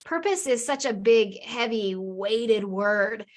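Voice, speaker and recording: Energetic higher-voiced woman guest. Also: takes it slowly. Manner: energetic, vivid storyteller. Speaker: podcast guest, business owner. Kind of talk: storytelling in an interview.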